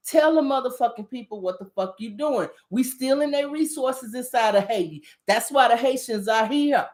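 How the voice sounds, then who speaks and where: A woman giving a heated, profanity-laced rant on current events, combative and emphatic as she talks straight to her viewers. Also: high voice. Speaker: spiritual commentator on current events.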